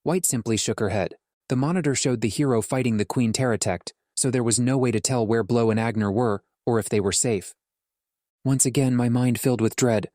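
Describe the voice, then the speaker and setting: A man narrates a fantasy audiobook in first person, speaking in a measured and earnest way at a mid pitch. The recording is dry, with no room sound. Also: darkish tone, no echo. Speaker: audiobook reader.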